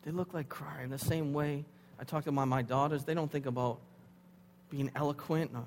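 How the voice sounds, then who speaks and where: A man in his thirties preaching a sermon, dropping to hushed tones and rising to loud, pleading intensity. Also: on the high side, fairly even intonation, moderate pace. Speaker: pastor. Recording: hall reverb with faint hum.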